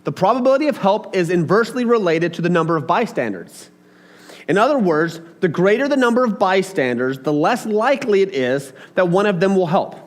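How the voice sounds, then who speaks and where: A man's voice: high-pitched, brisk. A man preaching a casual, chatty sermon, talking straight to his congregation with asides and questions. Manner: chatty and animated, talks to the audience with asides.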